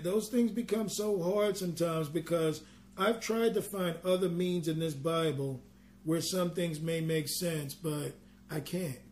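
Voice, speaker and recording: A man ministering a sermon, reading scripture slowly and then explaining it in an earnest, conversational way with personal asides. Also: high voice, a little mellow. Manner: reads scripture slowly in King James wording.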